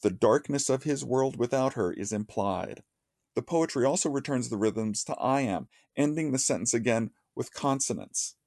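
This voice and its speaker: A man giving a measured, reflective lecture on poetry, dropping low and slow to recite lines of verse. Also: lively intonation, gravelly, a little mellow, no echo, studio quality. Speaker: literature lecturer. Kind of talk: analytical lecture with dramatic recitation.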